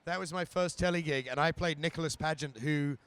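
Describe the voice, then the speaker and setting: A man's voice: a little high, brisk, fairly bright tone, smooth. A man, a guest actor, chatting and telling anecdotes at a live stage event, sometimes putting on silly voices. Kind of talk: casual stage interview.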